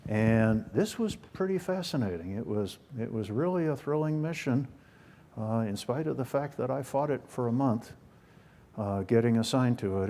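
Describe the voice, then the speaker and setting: An older American man, appearing as a guest speaker, tells folksy stories in a warm, mid-range voice. His jokes tend to be at his own expense.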